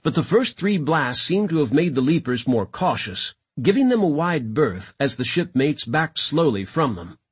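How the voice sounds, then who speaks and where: A man narrating a science fiction audiobook in a dramatic, expressive reading style. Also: on the high side, moderate pace, few pauses, husky.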